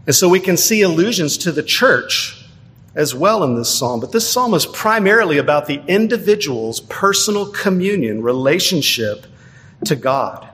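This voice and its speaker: A man's voice: a little high, very animated, a bit bright. Man preaching in a reverberant hall. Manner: measured, emphatic preaching with slow stressed phrases. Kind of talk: sermon.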